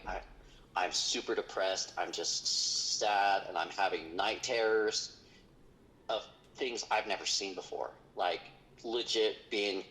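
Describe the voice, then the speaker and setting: A man with a somewhat low voice recounts a frightening investigation in a relaxed, conversational way. He talks haltingly, stumbling and restarting often and filling gaps with "um" and "like". He sounds like a paranormal investigator telling his story to a host. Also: poor audio. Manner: halting, full of restarts and fillers.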